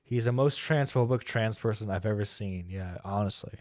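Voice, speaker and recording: A man's voice: on the low side, normal speed, darkish tone, no room sound. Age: adult. Sex: man. Role: internet radio host. Style: casual live-stream commentary, profane and rambling, dry close mic.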